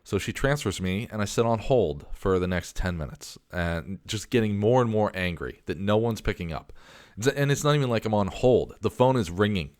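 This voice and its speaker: A podcast host with a lowish, lively voice speaks at normal speed in a dry, studio-quality recording with no room sound. He tells a long, exasperated story in casual chat, cursing and restarting sentences frequently.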